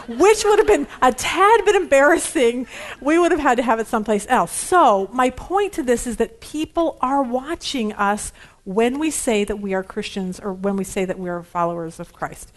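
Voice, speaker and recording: A woman, teaching a Bible study in a chatty, storytelling way. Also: fairly high pitch. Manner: chatty, animated storytelling with frequent "okay?". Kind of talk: casual teaching with personal stories.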